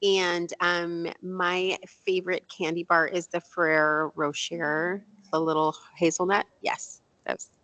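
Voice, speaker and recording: Woman talking real slow, bright sharp tone, lower voice. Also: flat delivery, rough recording. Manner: slow, unhurried, bright-toned. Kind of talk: introducing herself at a meeting. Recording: faint background noise.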